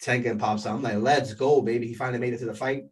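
A man recaps an episode in a loose, rambling way, piling on fillers and bursting into excited reactions. He sits a little away from the microphone, so his voice sounds slightly distant. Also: mid-range voice, rapid-fire. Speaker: anime episode reviewer.

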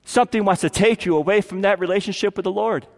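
High-voiced preaching pastor in a reverberant hall. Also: male voice, fast talker. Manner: preaching with dramatic voiced quotes and swings from loud to hushed. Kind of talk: sermon.

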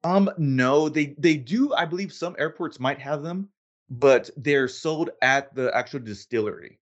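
A man hosting a casual podcast, relaxed and self-deprecating, laughing easily as he chats. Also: a little high, unhurried, dull audio. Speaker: podcast host. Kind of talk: casual chat.

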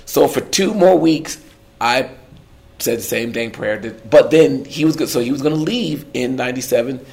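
A middle-aged man, a worship leader, telling his story in a podcast conversation, animated and acting out the voices he quotes. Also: mid-range voice, moderate pace, gravelly.

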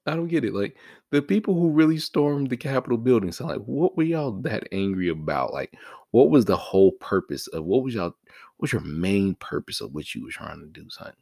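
A man hosting his own vlog in a profane, casual rant that swings between loud, high-pitched outbursts and low mutters. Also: expressive, brisk, vocal fry, no room sound, clean studio sound. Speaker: vlog host. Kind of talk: casual ranting monologue.

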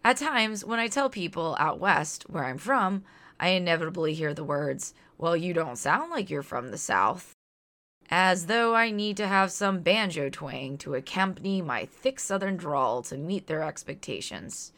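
Low-voiced woman narrating her podcast. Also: lively intonation, moderate pace, a bit bright. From Louisiana, near New Orleans. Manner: earnest, outspoken, reflective. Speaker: podcast host.

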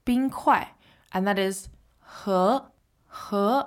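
A woman's voice: medium pitch, slow. A woman teaching a language on a podcast, patiently explaining and often checking in with "right?". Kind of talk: podcast lesson.

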